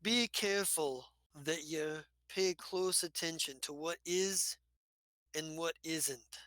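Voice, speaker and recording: A man playing a cryptic old man who hands out warnings as riddles. He sounds slightly high and bright, slow and knowing. The recording is dry and close. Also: no echo.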